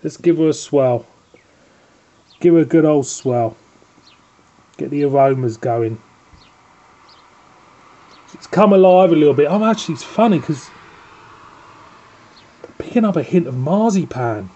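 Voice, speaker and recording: Chatty Northern English man, mellow voice. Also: on the high side, expressive, a little slow, long pauses, highs cut off. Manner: chatty, rambling, scolds his dog between lines. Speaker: beer reviewer and host. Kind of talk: casual home review chat.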